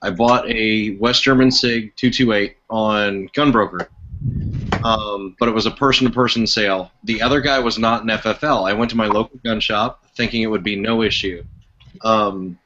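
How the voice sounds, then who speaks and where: A man tells a recent story in a casual panel chat, sounding relaxed. He has a low voice. The audio is dull and lo-fi. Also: slight background noise.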